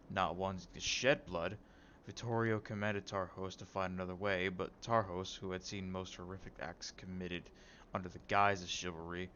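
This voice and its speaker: Man, game streamer, deep low voice, reading lore aloud, wry asides, stumbles on names, slightly muffled. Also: a bit bright, slight background noise.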